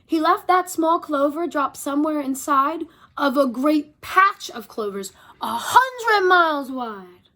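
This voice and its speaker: A woman reading a picture book aloud to children, animated, and stopping to talk to her young listeners. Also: high-pitched, slow. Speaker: storyteller.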